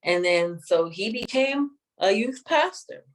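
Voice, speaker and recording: A woman sharing a personal testimony in an interview, speaking in a measured, reflective way with many pauses. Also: mid-range voice, expressive, rough recording. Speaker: guest sharing her testimony.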